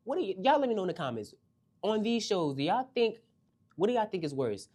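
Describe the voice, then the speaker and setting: A young woman casually recapping a reality TV episode, sassy and animated, swooping up high for emphasis. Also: brisk, breathy edge.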